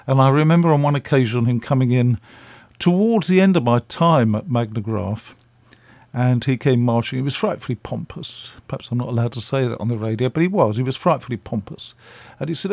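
A man's voice: mid-range voice, brisk, darkish tone, dry recording. An older man, a radio guest telling chatty, self-deprecating stories and acting out the voices. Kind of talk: anecdotal storytelling.

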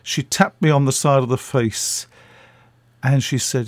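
A man's voice: medium pitch, measured pace, dry recording. Older Englishman telling radio anecdotes. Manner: chatty, self-deprecating, acts out voices. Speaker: radio guest. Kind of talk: anecdotal storytelling.

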